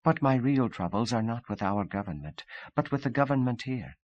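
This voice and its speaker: A man's voice: mid-range voice, expressive, normal speed, a little mellow, no room sound, lo-fi sound, voice pushed up, close to an everyday voice. A man voicing a proud young woman who speaks in a formal, stiff way. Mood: indignant. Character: proud young Russian woman, imperious then charming.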